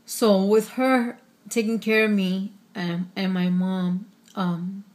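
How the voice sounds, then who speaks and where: A woman's voice: mid-range voice, little pitch movement, slow, a little mellow. A woman talking candidly to her vlog viewers, chatty with many fillers, holding back tears. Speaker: vlogger. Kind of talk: casual personal vlog.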